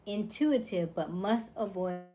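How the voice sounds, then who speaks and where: A woman's voice: mid-range voice, unhurried, mellow. Upbeat woman hosting a livestream. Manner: upbeat, punchy delivery of numerology traits as short lists. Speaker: livestream host. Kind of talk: casual livestream chat, reading viewer comments.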